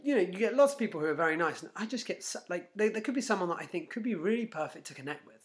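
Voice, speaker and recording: Animated man telling stories to camera. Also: high-pitched, very fast. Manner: animated storyteller, frequent restarts, acts out inner voices. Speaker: self-help vlogger. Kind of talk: casual motivational talk to camera.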